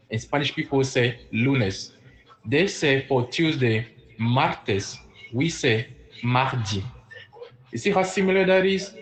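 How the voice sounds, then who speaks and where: A man's voice: mid-range voice, rough recording. A man teaching a casual livestream French lesson, spelling words out letter by letter and greeting viewers by name. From French-speaking.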